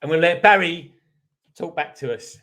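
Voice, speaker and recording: A man, a guest on a casual livestream, telling loose rambling anecdotes in a relaxed way. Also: on the high side, moderate pace.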